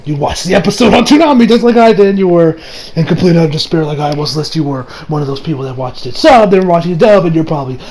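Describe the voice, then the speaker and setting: A young man casually reviewing an anime episode, excitable and swearing, acting out scenes with sudden shouts. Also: on the high side, fast, crowd noise.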